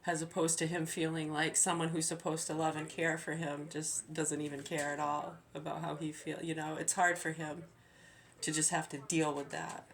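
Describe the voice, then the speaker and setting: A woman's voice: low-pitched, level tone, moderate pace, creaky. A middle-aged woman, a mother, talking in a rambling, aggrieved monologue full of restarts and swearing. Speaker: mother venting.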